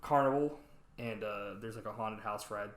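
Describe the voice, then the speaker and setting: A man's voice: on the low side, moderate pace. A man hosting a podcast, casually recapping a movie in a rambling way with lots of "like" and swearing. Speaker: podcast host. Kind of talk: casual film recap chat. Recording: roomy echo.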